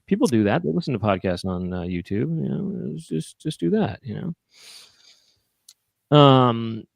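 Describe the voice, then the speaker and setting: A man's voice: mid-range voice, animated, unhurried, creaky, dry recording. A man co-hosting a live chat show, rambling casually with laughs and you-knows.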